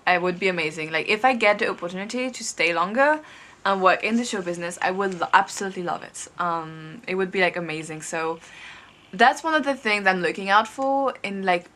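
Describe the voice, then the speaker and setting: Bright, chatty young woman vlogger. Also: mid-range voice, fairly quick. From outside Korea. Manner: rambling, heavy use of "like", chatty and upbeat. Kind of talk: casual chat to camera.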